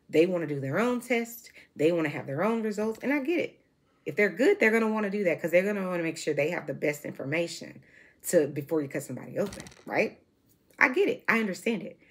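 Low-pitched and slightly rough, this woman in her forties vlogs an emotional monologue to camera. She presses her points hard, repeating herself and starting sentences over.

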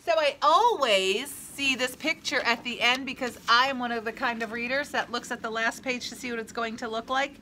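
A woman reading a children's chapter book aloud, expressive, gasping and adding asides to young listeners. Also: a little high, normal speed, hardly any pauses, slight background noise.

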